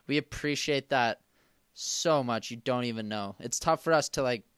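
A man's voice: medium pitch, moderate pace, fairly bright tone, smooth, no room sound, studio quality. A young man co-hosting a podcast, enthusiastic and thankful, saying "like" a lot. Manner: enthusiastic, says "like" often. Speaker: podcast co-host. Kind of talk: casual chat.

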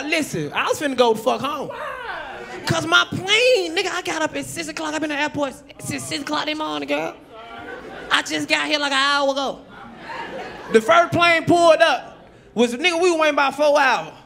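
A young man doing loud, profane crowd-work roast comedy on a comedy club stage. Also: very high-pitched, a little fast, gravelly. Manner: loud, shouting, laughing, profane. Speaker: stand-up comedian. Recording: loud crowd and room noise.

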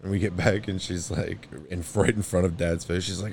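A man with a very low voice telling a story in a relaxed podcast chat. He swears offhandedly, trails off into chuckles, and lifts his voice when he quotes someone. A faint ambient noise sits under the voice. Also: a little fast, gravelly. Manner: laid-back, swears casually, trails off with chuckles. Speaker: podcast co-host. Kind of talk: casual chat.

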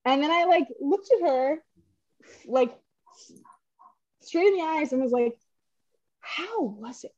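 High-voiced woman telling a story. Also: a little slow, pauses often, dull audio. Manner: animated, swearing, laughing, acts out voices in her story. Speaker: podcast co-host. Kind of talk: casual storytelling chat.

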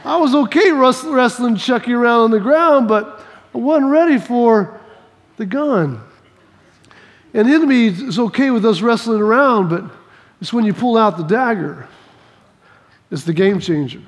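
A man's voice: very high-pitched, expressive, unhurried, long pauses. A male preacher giving a sermon, telling stories animatedly and acting out scenes, often repeating his phrases. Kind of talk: sermon with personal storytelling. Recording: reverberant hall.

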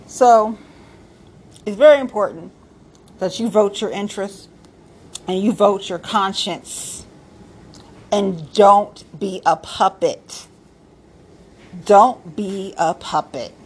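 A woman's voice: medium pitch, slightly rough. A woman talking bluntly about local politics in a casual, sassy, profane rant, stressing her points and repeating them. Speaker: political commentator.

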